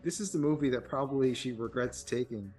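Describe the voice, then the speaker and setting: Male podcast host, mid-pitched, chatty and rambling, self-mocking. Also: fairly quick, faint music behind. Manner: rambling, animated storytelling with self-mocking laughs. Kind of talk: casual film chat.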